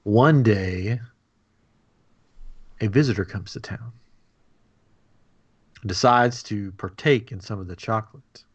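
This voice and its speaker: A man's voice: fairly low pitch, slow, pauses often, breathy edge, highs cut off. A man hosting a casual show, improvising a silly story and laughing often. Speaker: podcast host.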